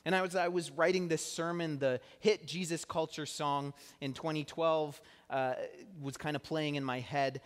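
Earnest pastor preaching in an echoing church. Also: male voice, on the high side, steady tone, normal speed, few pauses. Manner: earnest, chatty, gets the congregation to repeat words. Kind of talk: conversational sermon. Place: church sanctuary. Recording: long church hall reverb.

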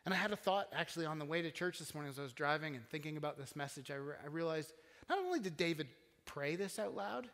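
A man's voice: fairly high pitch, lively intonation, fast talker, a bit bright, big-room sound. A man preaching a sermon as pastor, in an earnest, conversational way with frequent restarts, in a church. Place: church sanctuary.

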